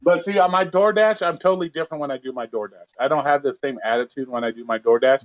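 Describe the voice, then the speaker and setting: A delivery driver chats on a live stream, cursing freely and re-enacting his run-ins with customers. His voice sits a little high for a man. The sound is dull and dry, as if through a cheap mic. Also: fast, no room sound. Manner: profane, blunt storytelling with quoted back-and-forth. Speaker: gig delivery driver, co-host. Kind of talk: casual live-stream chat.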